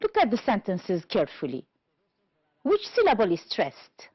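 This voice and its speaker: A woman from Algeria teaching an English lesson on television, speaking slowly and clearly and stressing each word for learners. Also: mid-range voice, huge pitch swings, dry recording, highs cut off. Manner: slow, clear teacherly delivery, stressing words.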